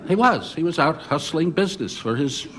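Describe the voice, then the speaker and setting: An older man on a journalists' panel, recounting his reporting memories as an animated storyteller who often restarts his sentences. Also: fairly high pitch, normal speed, slight background noise. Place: conference hall.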